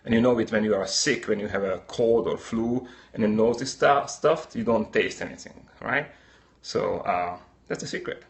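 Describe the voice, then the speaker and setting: Hosting a coffee-brewing livestream, a man from Slovakia chats easily and answers what viewers write in. His voice is medium in pitch and creaky, with a Slovak-Hungarian accent.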